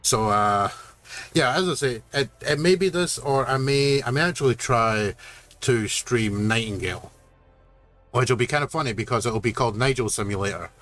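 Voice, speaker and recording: A man's voice: mid-range voice, normal speed, a bit bright, faint music behind. A man chatting casually on a gaming stream, rambling with restarts and casual swearing.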